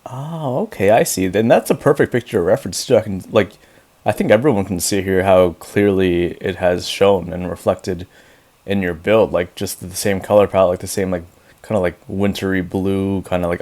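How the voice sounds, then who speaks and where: Male host, very low voice, loose and chatty, filler-heavy. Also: steady tone, normal speed, darkish tone. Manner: rambling, filler-heavy, upbeat. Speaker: podcast host. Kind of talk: casual interview chat.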